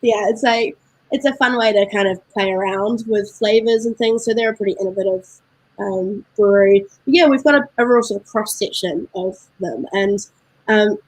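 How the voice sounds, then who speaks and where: A woman's voice: medium pitch, a little mellow, breathy edge, no room sound, poor audio. A woman with a New Zealand accent, chatting casually as a guest, with plenty of fillers and laughs. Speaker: guest from a beer importer. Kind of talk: casual video-call chat.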